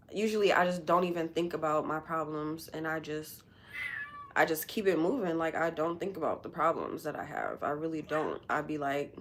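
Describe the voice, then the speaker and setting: Low-voiced woman chatting on livestream. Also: a little fast, a little hiss or hum. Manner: candid, rambling, filler-heavy talk; blunt, with casual swearing. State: emotional, recently crying. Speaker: livestream host. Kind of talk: casual livestream chat.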